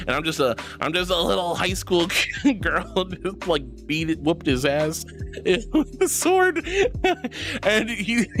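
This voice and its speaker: A young woman streaming as a VTuber, chatting casually and affectionately thanking viewers by pet names. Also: very deep voice. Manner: bubbly and affectionate, calls viewers sweetie. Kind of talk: casual live-stream chat, reading viewer messages.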